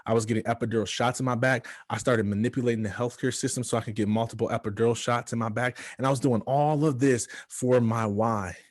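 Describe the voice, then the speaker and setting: A man from Michigan giving a motivational speech, telling his own story with dramatic pauses and hushed asides. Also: medium pitch, fairly even intonation, dry recording, clean studio sound. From Michigan, USA. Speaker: motivational speaker.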